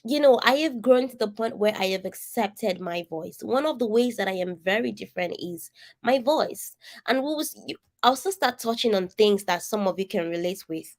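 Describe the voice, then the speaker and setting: A woman's voice: medium pitch, expressive, normal speed. A Nigerian woman with a distinctive, somewhat nasal voice and an accent, coaching a group over a video call in an earnest, emphatic way, speaking straight to her listeners. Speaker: coach leading an online session. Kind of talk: interactive coaching talk.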